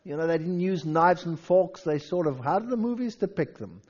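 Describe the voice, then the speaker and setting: A man giving a lively history lecture, telling stories and reading old quotations aloud with dramatic flair. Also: high-pitched, normal speed, muffled recording.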